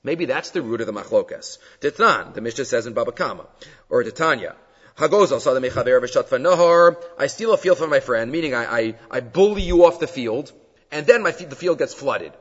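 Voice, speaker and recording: A man teaching a Talmud lesson in an emphatic, animated way, mixing Hebrew and Aramaic terms into his English. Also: medium pitch, brisk, husky. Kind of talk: Talmud study lecture. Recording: dull sound with long reverb.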